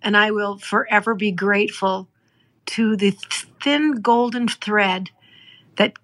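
A middle-aged woman from Canada, hosting a podcast and telling a moving story in an earnest, heartfelt way, slowing down for emphasis. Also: medium pitch, steady tone, fairly bright tone. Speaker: podcast host. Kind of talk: emotional storytelling.

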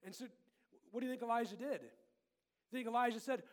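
High-voiced animated children's pastor, man. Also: brisk, long pauses. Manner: animated, playful, swings between loud and hushed. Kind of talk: lively children's sermon with volunteers.

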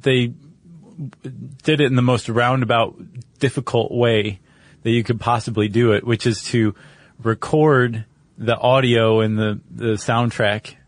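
A man's voice: medium pitch, fairly even intonation, measured pace, no echo. Male podcast co-host, medium voice, eager conversational storyteller, dry studio sound. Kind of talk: casual chat.

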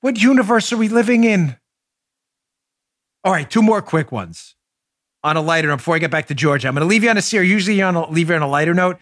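Animated, high-voiced male podcast host. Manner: incredulous, rapid-fire rhetorical questions; sarcastic, mocking asides. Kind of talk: political commentary monologue.

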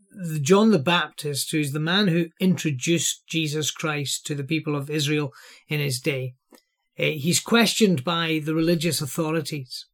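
A man teaches from the Bible in an earnest, sermon-like way. His voice sits high for a man, and he explains each point with steady emphasis.

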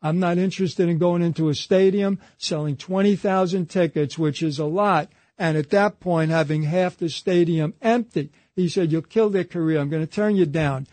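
High-voiced man telling a story. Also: moderate pace, few pauses, darkish tone, no room sound. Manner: retells a story through a chain of quoted dialogue, repeating "he said". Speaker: interview guest. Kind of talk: conversational storytelling anecdote.

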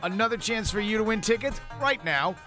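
A man hosting a radio show, jokey and lively, playing along with the banter. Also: high-pitched, brisk, faint music behind. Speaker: radio host. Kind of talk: casual morning radio banter.

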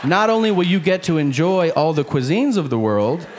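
A man's voice: on the high side, lively intonation, normal speed. A man doing a stand-up comedy set on stage, acting out the voices of the people in his jokes. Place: comedy club stage before a live audience. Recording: live club recording with crowd noise. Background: audience laughter and crowd noise.

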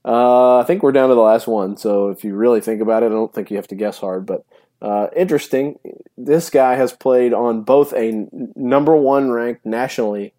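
A man's voice: medium pitch, normal speed, dark tone. A man co-hosting a casual sports talk show, rambling with lots of fillers and laughs. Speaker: podcast co-host.

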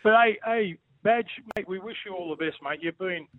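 A man's voice: high voice, normal speed. An Australian man calling in as a guest, joking boisterously and calling everyone mate. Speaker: phone-in guest, former footballer. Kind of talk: casual banter. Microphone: phone. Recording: tinny phone line.

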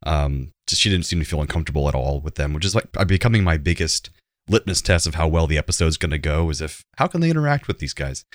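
A man's voice: rumbling low, fast, no room sound, clean studio sound. A man co-hosting a casual chat, giving his easygoing opinion of an episode with many fillers. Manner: relaxed, filler-heavy, easygoing. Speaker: podcast co-host.

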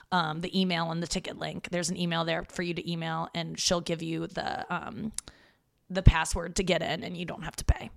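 A woman's voice: on the low side, creaky, no echo, studio quality. A woman in her thirties, a stand-up comic from St. Louis, chatting loosely and self-deprecatingly through a solo podcast, swearing freely. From St. Louis, United States. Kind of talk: casual solo podcast monologue. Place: her parents' home.

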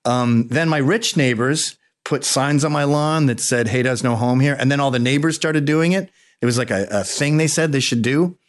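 A man being interviewed, telling animated stories and slipping into mocking voices. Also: a little high, moderate pace, hardly any pauses. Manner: animated storyteller who slips into mocking voices. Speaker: interview guest. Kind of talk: casual interview storytelling.

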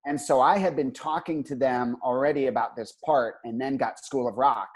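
A man's voice: medium pitch, normal speed, breathy edge. A man in casual conversation, laid-back and laughing along with his guest. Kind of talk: casual chat.

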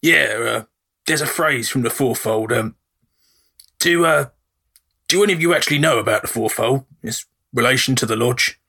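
A man voicing a gruff, harried middle-aged leader who talks bluntly and swears mildly. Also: mid-range voice, normal speed, sharp tone. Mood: brusque.

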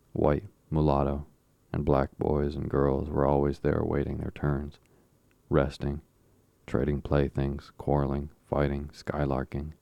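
A man narrating a classic novel as an audiobook in a measured, even storytelling manner. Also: extremely low pitch, gravelly, dry recording, dull audio.

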